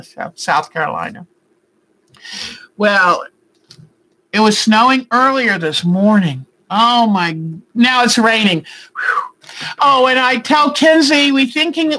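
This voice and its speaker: A middle-aged woman talks into her computer mic at home, hosting a quilting live stream. Her voice is bright and forward, and she chats affectionately with viewers, wandering from topic to topic and filling gaps with little fillers. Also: mid-range voice, low-quality recording. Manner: chatty and affectionate, rambling with fillers. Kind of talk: casual live stream chat, answering viewer comments.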